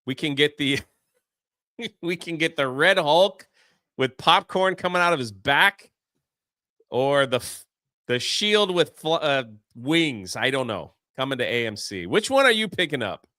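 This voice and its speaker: A man's voice: a little high, very animated, measured pace, sharp tone, no room sound, studio quality. A man co-hosting a casual podcast chat in a playful, teasing way. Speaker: co-host.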